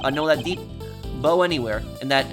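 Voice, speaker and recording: A man voicing a smooth, cocky male defense lawyer in a put-on accent, slick and drawn-out, over game music. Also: a little high, natural voice. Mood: smug. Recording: game music playing underneath.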